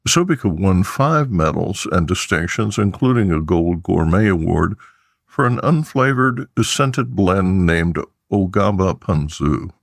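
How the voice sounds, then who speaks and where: A man reads scripted news headlines in a measured, even newsreader manner. His voice sits low, and the recording is dry with no room sound. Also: vocal fry, no room sound. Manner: measured, steady newsreader delivery. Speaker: news podcast host.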